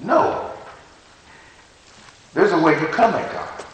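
A man's voice: a little high, lively intonation, slow. A man preaching a sermon, talking animatedly and conversationally, often stopping and restarting his sentences. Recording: echoey hall from far off.

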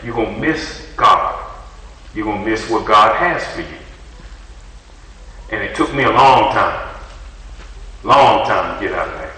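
Animated preacher man in an echoey hall. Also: fairly low pitch, measured pace, long pauses. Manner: animated, conversational preaching, acts out voices in dialogue. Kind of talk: sermon. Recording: echoey hall, mic at a distance.

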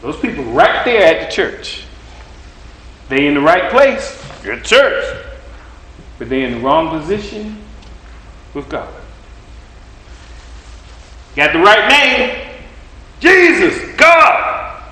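A man preaching a sermon in a bright, forceful voice pitched a little high. He hammers his points home with repeated lines and rhetorical questions. The sound rings around an echoey room. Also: sing-song, takes it slowly, long pauses. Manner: emphatic, repetitive preaching cadence with rhetorical questions.

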